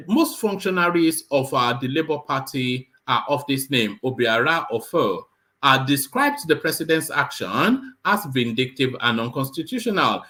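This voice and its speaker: A man hosting a live show, reading a news report aloud and breaking off with halting, sarcastic comments full of fillers. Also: medium pitch, pushed and bright. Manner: halting, many fillers and repeated words; sarcastic asides.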